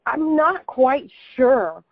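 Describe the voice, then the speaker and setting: An American woman in her twenties, a podcast guest chatting in a lively, quick way. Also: sits high, breathy edge, no room sound, narrow, tinny audio. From United States. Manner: lively, laughing, quick talker. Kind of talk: casual conversational chat.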